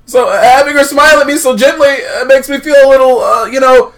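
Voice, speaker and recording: A man's voice: very high voice, fairly quick. A man narrating a visual novel on stream, rambling with many "uh"s and crude jokes. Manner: rambling, filler-heavy, jokey, self-interrupting. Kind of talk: comedic game read-through.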